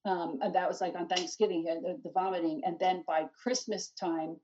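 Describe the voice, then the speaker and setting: A middle-aged woman telling her story in an interview, animated and rambling, full of restarts and "you know.". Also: on the low side, fairly quick, noisy background. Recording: distant dull lo-fi mic.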